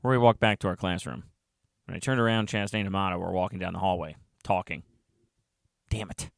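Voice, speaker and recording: A man's voice: low voice, fairly even intonation, brisk, vocal fry, dry recording, studio quality. A man narrating a comic story in the first person, with wry, self-mocking asides.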